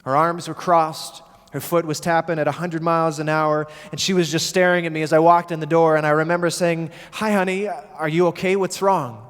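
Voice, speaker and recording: A man preaches a sermon, his voice a little higher than most men's. He tells the story vividly and acts out the quoted voices. The sound carries a long reverb from the church hall. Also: level tone, fairly quick, hardly any pauses, a bit bright, clear, resonant tone. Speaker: pastor.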